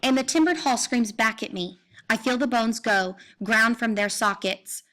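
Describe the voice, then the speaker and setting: A woman reads a literary novel aloud in the first person with intense, dramatic delivery. Her voice is bright and forward, and she sometimes sinks into hushed tones. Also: a little high, moderate pace. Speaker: audiobook reader.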